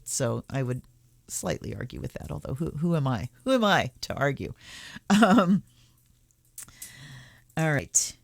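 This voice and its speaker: A tarot reader and channel host muses casually and reads book passages aloud reflectively, slowing down for blessings. Her voice is a rumbling low and a little mellow, with no room sound.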